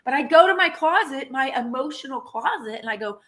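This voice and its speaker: A woman giving a casual motivational talk to her viewers, earnest and emotional, animated, with pauses and restarts. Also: sits high. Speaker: motivational vlogger.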